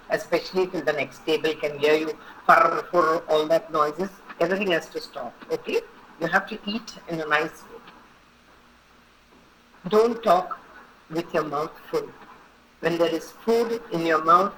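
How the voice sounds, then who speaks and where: A woman's voice: sits low, fairly bright tone, slight background noise, low-quality recording. Woman teaching table manners. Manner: instructive, repeats points and checks with "okay?". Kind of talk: online etiquette class.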